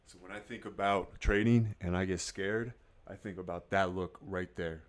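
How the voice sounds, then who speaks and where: A man giving casual market commentary as a day trader, mumbling quietly over his charts at times and firing up into a loud, swearing pep talk at others. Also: low voice, steady tone, normal speed.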